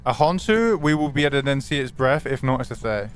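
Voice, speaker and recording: A man's voice: mid-range voice, fast talker. Swearing man streaming a game. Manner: animated, swearing, greets chat by name. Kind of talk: live gaming stream commentary.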